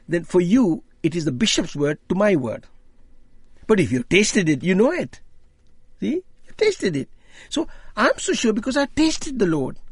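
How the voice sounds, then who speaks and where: A man's voice: sits high, slightly rough, no room sound, clean studio sound. An older man from India with an Indian accent, preaching a testimony sermon and telling stories that act out conversations. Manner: animated storyteller who acts out dialogue. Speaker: lay preacher.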